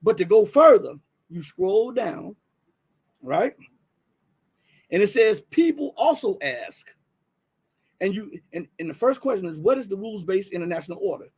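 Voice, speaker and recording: A Southern man hosts a casual livestream, talking to his viewers as he reads from the screen. His voice sits high and sounds husky, and he pushes his points with plenty of restarts. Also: normal speed, pauses often. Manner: animated, talks to viewers directly, many restarts and fillers. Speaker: livestream host.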